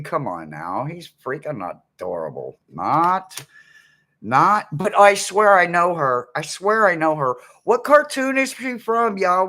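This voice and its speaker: A man's voice: on the high side, fairly bright tone. A man tarot reader on a live stream, laughing almost nonstop and exclaiming giddily while unboxing a deck.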